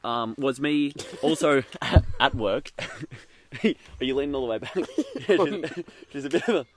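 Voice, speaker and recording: A man's voice: medium pitch, unhurried. A man co-hosting a casual podcast outdoors, telling stories with lots of ums and laughs. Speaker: podcast co-host. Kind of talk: casual chat. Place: outdoors in the bush.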